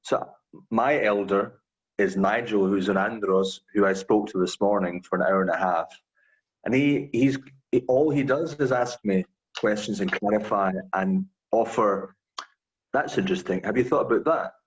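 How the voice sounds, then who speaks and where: A man's voice: on the low side, a little slow. A man chatting casually in a group video call, rambling and laughing easily. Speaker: study group participant. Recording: dull lo-fi call audio.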